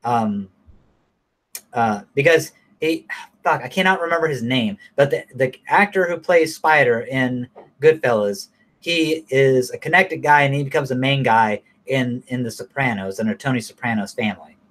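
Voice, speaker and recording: A man co-hosting a stream, chatting casually and swearing freely, loudly acting out movie gangster lines. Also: mid-range voice, moderate pace. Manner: profane, animated, acts out movie gangster quotes loudly. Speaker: stream co-host. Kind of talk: casual chat.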